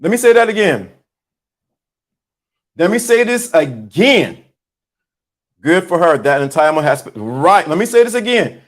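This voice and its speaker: A man's voice: high-pitched, expressive, moderate pace. A man, hosting a motivational talk and speaking to his chat like a preacher, repeating lines for emphasis. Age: 50s. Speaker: host.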